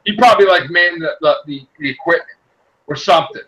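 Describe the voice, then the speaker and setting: A man hosting a casual group chat, excitable, breaking into loud shouts and laughter. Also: a little high, a little fast, lo-fi sound, a little hiss or hum. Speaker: podcast host.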